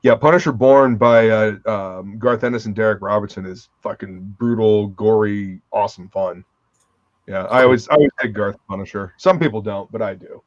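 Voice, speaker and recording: A man's voice: lowish voice, normal speed, no echo. A man chats casually on a live stream, eager and loose-mouthed, cursing as he raves. The audio is somewhat dull and lo-fi, and the mic is dry and close, with no room around him. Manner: enthusiastic, swears freely. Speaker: livestream host. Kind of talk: casual chat.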